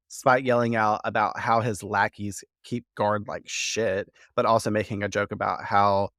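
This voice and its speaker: A man hosting a podcast who recaps a TV episode in a casual, profane and animated way, full of quoted asides. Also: lowish voice, measured pace, no echo, studio quality. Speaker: podcast host.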